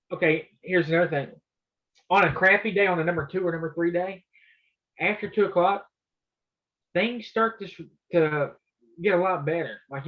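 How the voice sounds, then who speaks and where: A man's voice: on the high side, lo-fi sound. A man coaching trading in a loose, conversational way, walking through his charts. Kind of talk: casual live coaching session.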